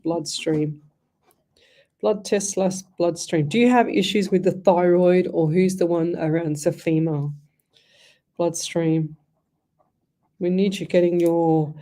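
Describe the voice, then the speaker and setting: A middle-aged woman hosts live psychic readings on the radio. Her voice sits low and mellow. She talks in a chatty, rambling flow, restarting phrases as she thinks aloud. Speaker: radio host and psychic medium.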